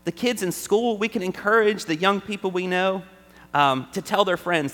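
A man with a fairly high, bright and forceful voice gives a chatty, conversational sermon, often asking his listeners "right?". His words ring out with a long reverb through a large church hall. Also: moderate pace. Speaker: preacher.

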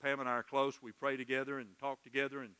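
Middle-aged guy preaching, emotional, gets quiet then loud, bright tone, echoey sanctuary. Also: mid-range voice, flat delivery, quick pace, smooth. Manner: earnest, emotional preaching with soft dips and loud swells. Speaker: pastor. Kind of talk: sermon. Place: church sanctuary.

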